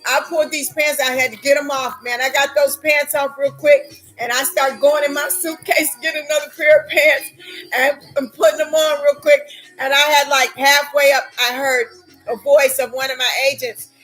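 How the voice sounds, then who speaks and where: A high-pitched American woman tells her viewers a story, dramatic and quick to laugh. Her voice is bright and sharp, and she acts out her own shouts along the way. Faint music plays underneath. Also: level tone, poor audio. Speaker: vlogger telling a travel story.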